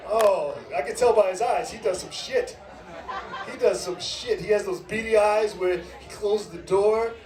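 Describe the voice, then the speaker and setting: A man's voice: sits high, a little slow, distant mic, music in the background. A middle-aged man hosting a stand-up show, doing brash, profane crowd work and teasing the audience. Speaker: comedy show host. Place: large comedy club, live audience. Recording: echoey club room, crowd noise.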